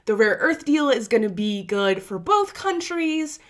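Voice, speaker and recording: A young woman hosting a casual news explainer, talking quickly and slipping into playful quoted voices. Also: fairly high pitch, big pitch swings. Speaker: host. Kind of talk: explainer commentary.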